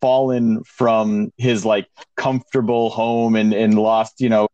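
A man's voice: fairly low pitch, flat delivery, a little slow, dark tone, dry recording. Male podcast co-host, easygoing, wry, muffled lo-fi dry recording. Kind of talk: casual chat. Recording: dull lo-fi sound.

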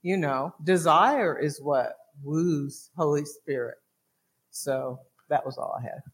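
A man's voice: on the high side, slow pace, fairly bright tone, breathy edge. A man preaching earnestly. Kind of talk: sermon.

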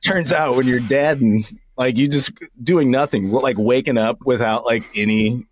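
A young man co-hosting a podcast, chatting casually and telling animated stories, saying "dude" a lot. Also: medium pitch, normal speed. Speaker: podcast co-host. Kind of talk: casual chat.

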